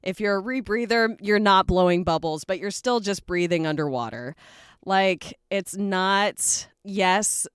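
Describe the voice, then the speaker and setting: A woman's voice: mid-range voice, unhurried, clear, resonant tone, dry recording, studio quality. A woman hosting a casual round-table podcast, talking candidly and poking fun at herself. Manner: candid, self-mocking, animated. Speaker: podcast host.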